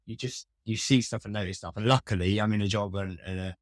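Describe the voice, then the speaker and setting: A low-pitched man talks casually as a podcast guest, spinning wry, self-mocking anecdotes about service. The sound is dry and close, with no room echo. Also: fast. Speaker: customer experience expert, podcast guest. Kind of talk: casual interview conversation.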